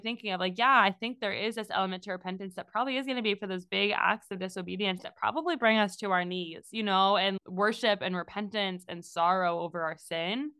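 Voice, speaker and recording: A woman co-hosting a faith podcast, talking in a chatty, animated way with lots of asides. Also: medium pitch, smooth, no echo, studio quality. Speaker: podcast co-host. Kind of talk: casual faith podcast chat.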